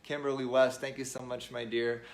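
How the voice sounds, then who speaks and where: A man's voice: medium pitch, level tone, normal speed. Earnest man giving a motivational talk. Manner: earnest, repetitive, rallying; addresses viewers as "guys". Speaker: host of a weekly motivational show.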